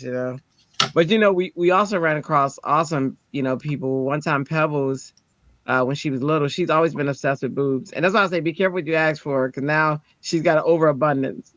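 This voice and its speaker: Woman host, deep voice, chatty and laughing, slightly dull lo-fi sound. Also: fairly quick, dry recording. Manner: animated storytelling, laughs often. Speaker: craft show host. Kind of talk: casual chat.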